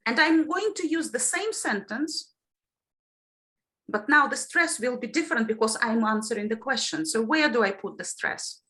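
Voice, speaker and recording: A middle-aged woman teaches trainee teachers in an online lesson. Her fairly high voice is bright and clear. It swoops widely as she models intonation and questions the group. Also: normal speed. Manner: lively, demonstrates intonation with questions to the class.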